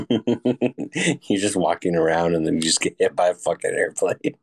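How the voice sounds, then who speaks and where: A man's voice: low-pitched, measured pace, vocal fry, husky. A young man co-hosting a podcast, laid-back and laughing a lot as he chats. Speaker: podcast co-host. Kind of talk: casual chat.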